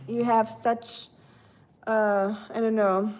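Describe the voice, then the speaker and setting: Speaking unhurriedly with fairly even intonation, a woman with a slightly high voice live streams from home as it rains outside. She chats casually and playfully with viewers, laughing often. The low-quality recording has a little hiss or hum plus rain ambience.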